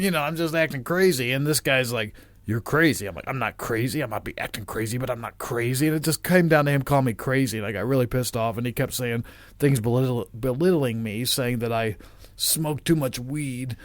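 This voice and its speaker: Animated rambling male podcast host. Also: medium pitch, a little fast, dry recording. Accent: Midwestern American. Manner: rambling, swearing, animated storytelling. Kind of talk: casual chat.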